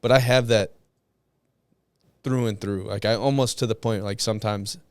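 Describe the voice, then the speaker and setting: A man speaking as a podcast guest, reflective and relaxed, filling his talk with "like". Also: fairly low pitch, normal speed, clear, resonant tone, dry recording. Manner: relaxed, reflective, heavy use of "like". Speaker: podcast guest, narcotics detective. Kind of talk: casual conversational interview.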